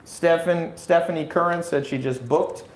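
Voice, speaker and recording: A man hosting a live show, critiquing viewers' websites in a blunt, joking and animated way. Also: on the high side, moderate pace, reverberant.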